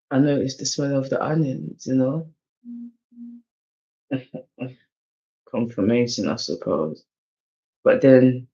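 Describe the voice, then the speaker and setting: With a medium-pitched, a little mellow voice, a man from England peppers his casual oracle card reading with London slang. The tarot-style session swings loosely between hype and mumbling, and the lo-fi recording sounds slightly dull.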